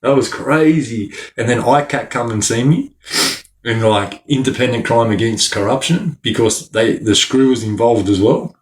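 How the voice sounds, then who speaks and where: A man's voice: medium pitch, normal speed, slight background noise. A man, telling stories as a podcast guest in a rambling, slang-filled way that is broken up by frequent laughs. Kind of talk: casual storytelling.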